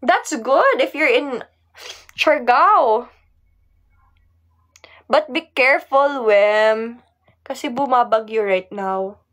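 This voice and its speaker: A woman's voice: a little high, expressive, slow, long pauses, a bit bright. A young Filipino woman chatting on a live stream, reading comments aloud, giggling and mixing Tagalog with English. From Philippines.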